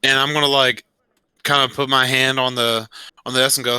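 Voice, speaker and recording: A man's voice: mid-range voice, flat delivery, fairly quick, pushed and bright, clear, resonant tone, no echo. A man playing a tabletop game, chatting casually and joking. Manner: joking, laughs often. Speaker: player.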